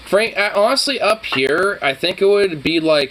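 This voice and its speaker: A man's voice: sits high, lively intonation, moderate pace, hardly any pauses, a bit bright, slight background noise, low-quality recording. Rambling young man, slight Southern twang. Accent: Pacific Northwest with a slight Southern twang. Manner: rambling, profane, heavy on "like" and "you know" fillers. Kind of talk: casual chat.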